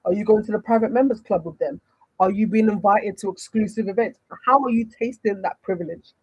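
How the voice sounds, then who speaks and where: A woman's voice: medium pitch, brisk, slightly rough, no room sound, lo-fi sound. Nigerian lady dating coach on a livestream, punchy and emphatic, dry close sound. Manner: emphatic, repeats points with rhetorical questions. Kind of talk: livestream Q&A reading chat questions.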